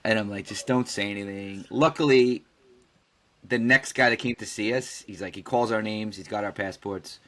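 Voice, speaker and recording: A man with a fairly low voice tells a long story in loose podcast chat. He jumps into the voices of the people he quotes and curses without a second thought. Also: moderate pace. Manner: animated storyteller who acts out quoted dialogue and swears freely. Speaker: podcast co-host.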